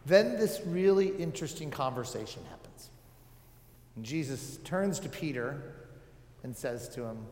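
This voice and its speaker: A man's voice: fairly high pitch, expressive, unhurried, a little mellow. Man preaching in an echoey hall. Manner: casual, joking asides, many fillers. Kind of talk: conversational sermon. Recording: echoey hall with long reverb.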